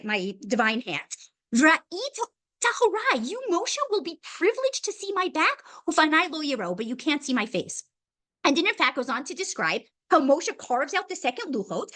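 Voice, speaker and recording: Very high, lively woman teaching. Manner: animated, conversational, frequent "like" and "right?". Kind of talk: Torah class lecture.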